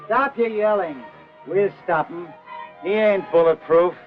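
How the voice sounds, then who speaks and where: An actor playing a gruff, threatening outlaw guarding a stolen mine. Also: male voice, high voice, unhurried. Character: gruff male outlaw claim-jumper. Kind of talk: 1940s film serial acting. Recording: muffled old film soundtrack with music.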